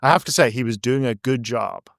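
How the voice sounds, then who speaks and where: A man's voice: mid-range voice, brisk, vocal fry, no echo, studio quality. A man, an author chatting as a guest, rambling playfully and acting out little scenes. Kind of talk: casual interview chat.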